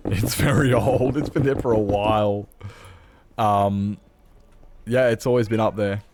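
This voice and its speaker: Rambling Australian streamer, gravelly. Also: male voice, on the low side, steady tone, measured pace, darkish tone, slight background noise. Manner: rambling, self-mocking, lots of restarts and laughs. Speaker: Minecraft streamer. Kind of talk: casual live-stream chat.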